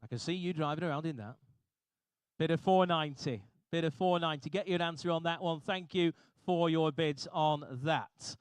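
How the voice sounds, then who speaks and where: A man working as an auctioneer, calling bids briskly and repetitively with jokey asides to the room. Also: on the high side, smooth, no room sound. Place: auction hall.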